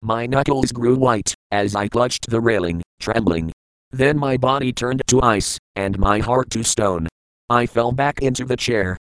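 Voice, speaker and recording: A man reading an audiobook in the first person, at a measured and reflective pace. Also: medium pitch, smooth, no echo, rough recording. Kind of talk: audiobook narration.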